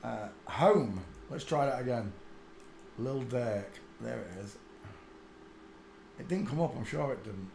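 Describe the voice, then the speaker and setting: Rambling man in an echoey room. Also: on the low side. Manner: rambling, mutters to himself, sudden loud laughing outbursts. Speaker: channel host. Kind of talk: casual commentary while searching images on screen. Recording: echoey room with faint ambient noise.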